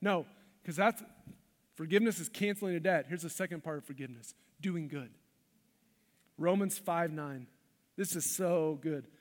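A man's voice: a little high, moderate pace, pauses often. A male pastor preaching a sermon in a church, passionate with emphatic outbursts. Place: church sanctuary. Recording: long reverb of a large hall.

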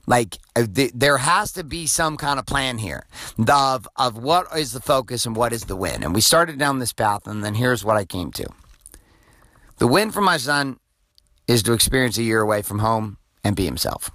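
Forceful, profane man in his forties. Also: fairly low pitch, brisk, no room sound. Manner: profane, intense, filler-heavy. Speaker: podcast host. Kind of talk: off-the-cuff motivational monologue.

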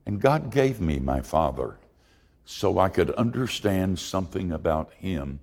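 A deep, gravelly man preaches slowly, his pitch swinging widely as he leans into funny, confessional stories. A long hall reverb lingers behind his words. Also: darkish tone. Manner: folksy, humorous and confessional. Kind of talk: sermon with storytelling.

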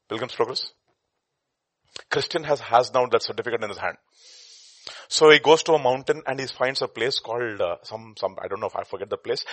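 A man preaching an animated sermon, acting out scenes and shifting between loud outbursts and quiet asides. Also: medium pitch, no room sound. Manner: dramatic, acts out scenes with shouted voices.

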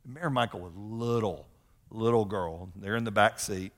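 A middle-aged pastor preaches emphatically in a large church sanctuary, repeating key phrases and telling personal stories. His voice is fairly low and his pace moderate, and the sanctuary gives the recording a long hall reverb.

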